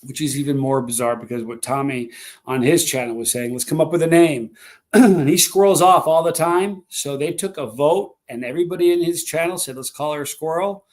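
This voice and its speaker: A man's voice: on the high side, brisk. A man hosting a live stream, rambling through stories and chatting with viewers. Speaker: livestream host. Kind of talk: casual live stream chat.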